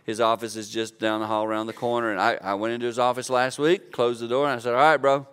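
Casting: man, fifties, pastor, bright crisp voice, earnest conversational preaching. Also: mid-range voice, little pitch movement, quick pace. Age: 50s. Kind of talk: sermon.

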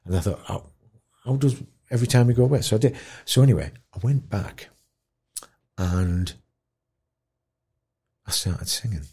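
A man telling a moving story in an interview, acting out other people's voices and dropping to a hush at tender moments. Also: lowish voice, normal speed, pauses often, husky. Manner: animated storyteller, acts out voices, drops to quiet. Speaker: guest, dementia campaigner. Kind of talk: storytelling in conversation.

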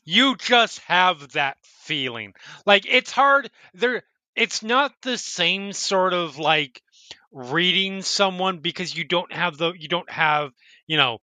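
A man narrating a tabletop game as dungeon master, explaining rulings in a measured, thoughtful way. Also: high voice, expressive, sharp tone, dry recording.

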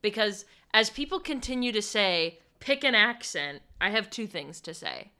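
A young woman co-hosting a casual chat, talking fast and emphatically like a devoted fan. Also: mid-range voice, expressive, bright, forceful tone. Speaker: podcast co-host.

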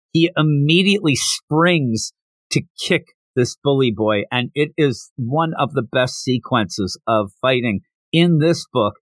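Brief: animated male podcast host, somewhat high voice, dry close recording. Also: no room sound. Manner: animated, acts out quotes. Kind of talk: casual comic recap.

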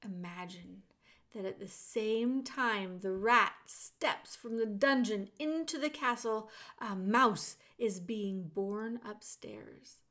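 Female audiobook narrator, unhurried, speaks to the reader directly. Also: medium pitch. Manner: addresses the listener directly, storyteller's expressive pacing. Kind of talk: audiobook reading of a children's novel.

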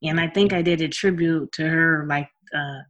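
A woman singer chatting casually as an interview guest, expressive and talkative. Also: low voice, moderate pace, dull audio. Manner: expressive and chatty, with frequent laughs.

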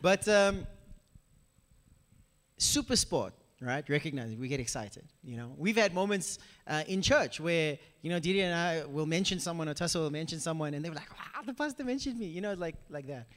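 A young man preaching a casual, animated sermon in a church, talking straight to the congregation with lots of asides. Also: fairly high pitch, normal speed, in a large hall. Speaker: pastor. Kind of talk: conversational sermon.

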